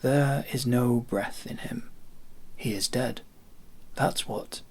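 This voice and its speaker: Man playing a gruff irritable soldier, gravelly voice, storybook reading. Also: medium pitch, takes it slowly. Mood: angry. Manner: gruff, angry. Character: blunt, irritable common soldier.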